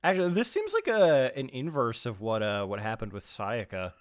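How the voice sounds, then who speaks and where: A man's voice: medium pitch, moderate pace, no room sound, studio quality. A young man streaming, reading a game aloud with friends and joking between lines. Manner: animated, laughing between lines. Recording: live stream with faint music.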